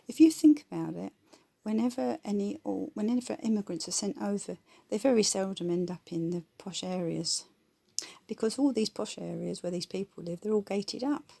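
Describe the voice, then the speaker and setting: A woman's voice: mid-range voice, moderate pace, vocal fry, mellow. A woman giving her blunt, rambling opinions in casual, colloquial talk.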